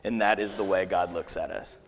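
A man preaching a sermon, telling a personal story in an earnest, halting way with fillers and restarts. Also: sits low, steady tone, long reverb tail, a little hiss or hum.

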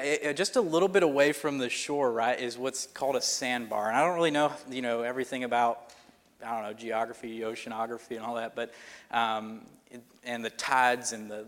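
A man's voice: medium pitch, fairly bright tone. Man preaching in a reverberant hall. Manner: conversational, rambling with fillers and restarts. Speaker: pastor. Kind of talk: sermon storytelling.

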